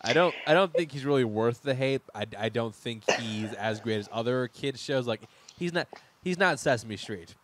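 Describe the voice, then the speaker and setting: A young man hosts a loose entertainment-news chat. He jokes constantly, breaks into laughter and trips over his words as he restarts his sentences. His voice sits at a middling pitch. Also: animated, normal speed, background noise. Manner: joking, laughs often, stumbles and restarts. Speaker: podcast host. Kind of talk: casual chat.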